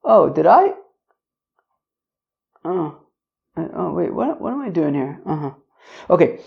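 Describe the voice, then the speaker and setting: A man's voice: fairly high pitch, big pitch swings, a little slow, creaky. A man hosting a podcast who reads Talmud passages aloud and explains them casually in English, often stumbling and repeating words as he searches for his phrasing. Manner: reads Aramaic lines then explains in loose, rambling English. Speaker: Talmud teacher and podcast host. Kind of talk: casual daily Talmud lesson. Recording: dull lo-fi podcast audio.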